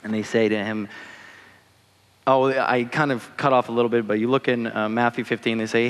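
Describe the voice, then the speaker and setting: A young male preacher talks through a relaxed, conversational sermon, often leaning on filler words. His voice is mid-pitched, and a long reverb trails after each phrase in a large church hall. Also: moderate pace. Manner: conversational, uses many fillers like "like" and "you know". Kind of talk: casual sermon.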